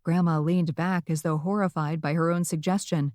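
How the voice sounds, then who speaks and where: A woman reading a cozy mystery audiobook in the first person, with lively, wry storytelling on a close studio mic. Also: low voice, normal speed, no room sound. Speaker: audiobook narrator.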